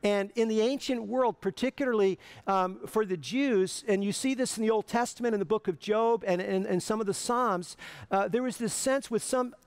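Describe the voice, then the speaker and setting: A man's voice: high-pitched, moderate pace, clear, resonant tone. A male pastor preaching a sermon in an earnest, conversational way, often restarting his phrases.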